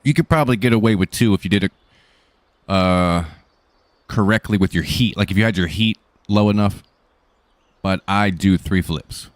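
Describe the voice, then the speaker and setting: A man's voice: deep voice, normal speed, long pauses, no echo. A man casually greeting viewers by name and answering chat during a live stream, joking in a laid-back way.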